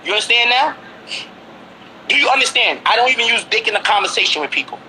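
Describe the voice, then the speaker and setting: A man's voice: very high voice, expressive, fast talker, sharp tone, a little hiss or hum, low-quality recording. A man from Brooklyn, New York, in his forties, talking heatedly in casual conversation and insisting on his point with repeated questions. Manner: insistent, repeats himself, presses the listener with questions. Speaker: guest.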